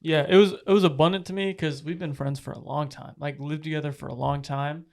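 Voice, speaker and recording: A young man tells a story about his roommate on a casual podcast, animated and profane. His voice sits fairly high for a man. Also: fairly quick, gravelly. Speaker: podcast co-host. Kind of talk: casual chat.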